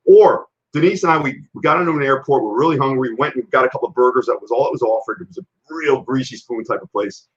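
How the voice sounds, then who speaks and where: A man's voice: medium pitch, fast, hardly any pauses. A man hosting a casual live-stream health show, telling blunt, rambling stories. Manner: rambling, animated, blunt storytelling. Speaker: health and fitness show host. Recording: dull lo-fi live-stream audio.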